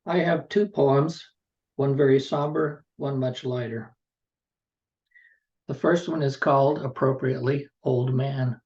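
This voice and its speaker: A man reading his poetry in a measured, somber way at an open mic. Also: mid-range voice, fairly even intonation, a little mellow, recorded from a distance. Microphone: video call. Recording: dull lo-fi video call audio.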